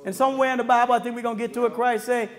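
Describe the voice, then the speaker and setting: A man preaching a sermon, emphatic and building to shouts, drawing call-and-response from the congregation. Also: very high-pitched, little pitch movement, very fast.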